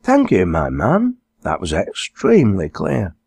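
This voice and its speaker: A man voicing a pompous middle-aged upper-class gentleman with a haughty posh southern English drawl, in an audiobook. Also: on the low side, huge pitch swings, measured pace, vocal fry, husky, no echo, full character voice. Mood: condescending.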